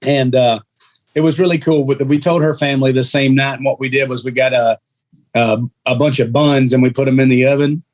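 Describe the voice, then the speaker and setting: A man's voice: medium pitch, brisk. A man who is a podcast guest, telling a story casually and acting out the voices of the people in it. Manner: animated, acts out quoted voices.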